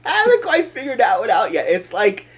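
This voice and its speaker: A man's voice: high-pitched, wildly swooping pitch, brisk, a bit bright. An older man hosting a casual opinion talk show, blunt and opinionated, rambling with restarts. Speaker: show host.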